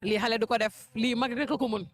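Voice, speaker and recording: A man's voice: very high voice, fairly even intonation, fast talker. A man interviewing guests at an event, friendly and teasing. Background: music.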